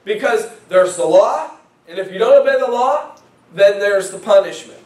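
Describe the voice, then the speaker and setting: Pastor, male, high-pitched, preaching to a congregation, heard from a distance in a roomy church. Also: lively intonation, moderate pace, a little mellow. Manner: conversational, repeats words when starting phrases. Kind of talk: sermon. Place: church sanctuary. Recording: echoey church from far off.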